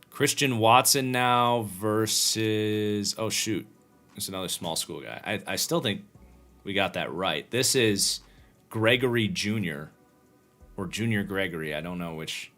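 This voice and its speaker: A man's voice: on the low side, a bit bright. A tired man hosting a livestream, casually breaking down football game film and thinking aloud with frequent restarts. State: tired, yawning. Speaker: host and football draft analyst.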